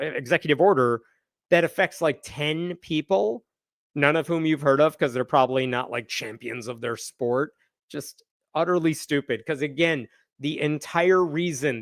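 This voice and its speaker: Man, live news host, sarcastic, exasperated, higher voice, dry close mic. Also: dry recording.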